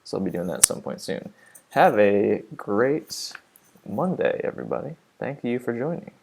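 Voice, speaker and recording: A man's voice: lowish voice, moderate pace, vocal fry, husky. A man casually chatting and rambling as he hosts a livestream while mixing audio, mocking himself. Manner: relaxed, rambling, self-mocking.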